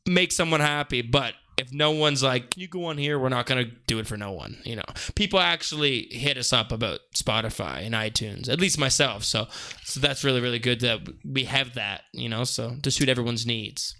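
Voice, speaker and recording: Bright-voiced young man, rambling. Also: mid-range voice, a little fast, hardly any pauses. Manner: rambling, laughing, defensive. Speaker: co-host, teacher. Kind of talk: casual podcast chat.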